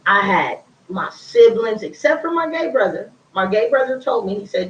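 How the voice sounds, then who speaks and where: A woman's voice: mid-range voice, animated, moderate pace, few pauses, far from the mic. Woman, candid storyteller with blunt, slangy delivery, mid-height voice, recorded roomy with a dull lo-fi sound. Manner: blunt, repeats herself, slangy.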